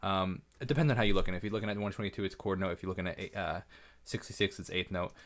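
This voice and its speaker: A man, a music producer, giving an excitable, casual breakdown of his track, often correcting himself mid-sentence. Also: deep voice, very fast. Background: faint music from his session playback.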